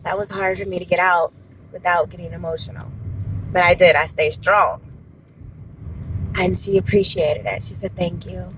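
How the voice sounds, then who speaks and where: A woman in her thirties telling a personal story to camera, candid and expressive, repeating words for emphasis. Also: fairly low pitch, normal speed, long pauses, background noise. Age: 30s. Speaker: vlogger.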